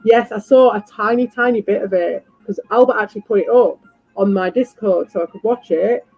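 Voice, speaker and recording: A woman streamer in a casual ranting chat, animated, swearing freely and repeating herself. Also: medium pitch, fairly quick, slightly rough, no room sound, muffled recording, soft background music. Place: home.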